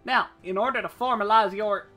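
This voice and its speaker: A woman's voice: medium pitch, fairly quick, pushed and bright, faint music behind, pitched above the performer's own voice. Woman doing a polite male personnel officer. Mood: welcoming.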